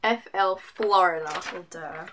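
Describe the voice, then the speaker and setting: A young woman casually reading fan letters aloud on her vlog, with lively asides. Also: on the low side, noisy background. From Australia. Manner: bubbly, reads letters aloud with quick asides. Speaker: YouTuber reading fan mail. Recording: music playing under the voice.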